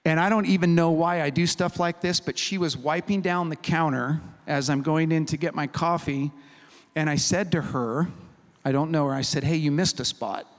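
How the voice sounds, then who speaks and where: Animated storytelling pastor in a hall. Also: male voice, a little high, normal speed. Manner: humorous, animated storyteller who acts out quotes loudly. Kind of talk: storytelling sermon. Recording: reverberant hall recording.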